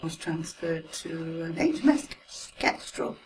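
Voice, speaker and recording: A woman's voice: deep voice, animated, unhurried. A woman in her seventies with a Mancunian accent, chatting and reminiscing with frequent laughs. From Manchester, England. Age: 70s. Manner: chatty, laughs often, trails off softly. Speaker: interviewee recalling her life. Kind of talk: casual reminiscing. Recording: distant mic, hissy home recording.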